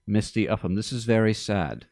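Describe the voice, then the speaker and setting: A man hosting a casual movie podcast in a studio, talking in a dry, deadpan joking way. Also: lowish voice, dry recording. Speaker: podcast host.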